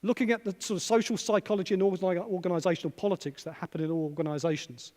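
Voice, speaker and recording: A man delivers a conference keynote in a hall with a long, ringing reverb. His voice sits high for a man, and he challenges the crowd with rhetorical questions. He repeats his key phrases for emphasis. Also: a little mellow. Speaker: conference speaker, psychologist.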